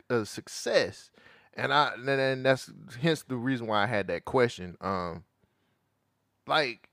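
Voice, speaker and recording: A man co-hosting a podcast, talking in loose, slangy, profane chat. His pitch sits mid-range but leaps around constantly. The sound is dry and close. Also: no room sound. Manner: animated and slangy, with frequent profanity. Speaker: podcast co-host. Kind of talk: casual chat.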